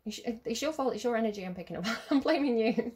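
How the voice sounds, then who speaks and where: A woman's voice: fairly high pitch, lively intonation, fast talker, a little mellow, husky. A woman giving a casual tarot reading, chatty and giggly, rambling with lots of fillers. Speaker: tarot reader.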